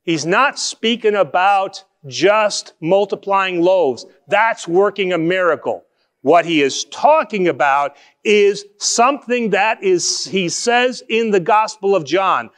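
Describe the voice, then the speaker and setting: A pastor with a high voice preaches conversationally, putting rhetorical questions to his listeners. His phrasing shifts lively between rushed asides and slow, emphatic stress on key phrases.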